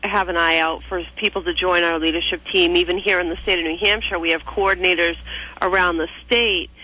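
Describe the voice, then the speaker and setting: A woman's voice: fairly low pitch, steady tone, a little fast, bright, forceful tone, slightly rough. A woman from New calling into a radio show, speaking earnestly and steadily as an advocacy spokeswoman. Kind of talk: phone-in radio interview. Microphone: telephone. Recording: tinny phone line.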